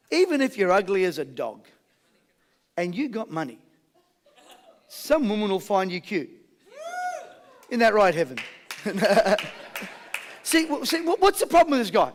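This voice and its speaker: A man's voice: high voice, normal speed, long pauses. A man giving a live motivational seminar, drawing call and response from his audience and telling jokey stories. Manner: energetic call-and-response with the crowd; jokey storytelling. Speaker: motivational speaker.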